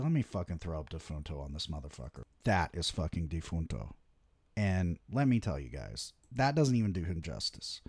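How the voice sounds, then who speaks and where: A young man hosting a wrestling show, ranting excitedly in casual solo commentary with lots of swearing. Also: on the low side, no echo, studio quality. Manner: excitable, heavy swearing, animated rants.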